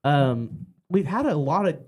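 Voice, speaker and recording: A man co-hosting a podcast, talking football in a casual, argumentative way. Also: a little high. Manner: animated, argumentative, quick asides. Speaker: podcast co-host. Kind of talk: casual sports chat.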